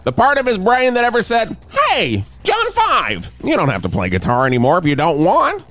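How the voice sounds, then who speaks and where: A man voicing an over-excited male radio traffic reporter who breaks into shouts during a comedy radio bit. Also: on the high side, voice pushed up.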